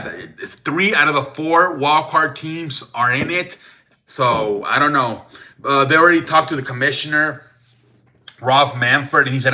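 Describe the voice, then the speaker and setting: Bright-voiced man ranting about sports. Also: medium pitch. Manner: profane, rambling, frequent restarts and "man" tags. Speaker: sports show host. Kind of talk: casual sports rant.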